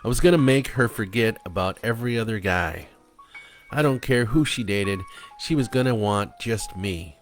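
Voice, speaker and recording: A man reading his own dark prose and poetry aloud in a blunt, confessional manner. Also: fairly low pitch, normal speed, faint music behind.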